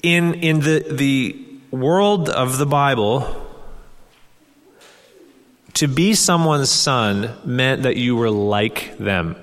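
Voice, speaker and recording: A man's voice: mid-range voice, drawn-out words, pauses often, fairly bright tone. A man preaching a sermon in an earnest teaching tone, reading scripture aloud with rising emphasis. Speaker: pastor. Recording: long hall reverb.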